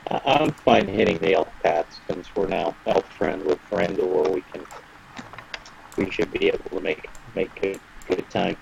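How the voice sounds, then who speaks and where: A man playing a tabletop game, speaking in slow, measured remarks. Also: low voice, creaky, darkish tone, slight background noise, low-quality recording. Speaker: player.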